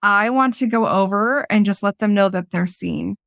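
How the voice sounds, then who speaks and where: A woman's voice: mid-range voice, moderate pace, vocal fry, fairly bright tone, dry recording. Chatty woman podcast host, dry sound. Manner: chatty, laughs often, restarts sentences. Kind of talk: casual chat.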